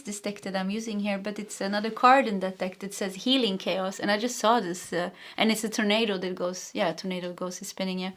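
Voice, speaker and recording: Swedish lady doing a tarot card reading, gentle and reassuring, laughs softly, mid pitch. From Sweden. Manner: gentle, reassuring, with frequent soft laughs and restarts. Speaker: tarot reader.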